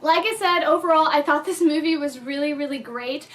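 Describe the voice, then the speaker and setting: A woman's voice: high-pitched, brisk, a bit bright. A woman reviewing a movie in a casual vlog, bubbly and chatty, often breaking into giggles.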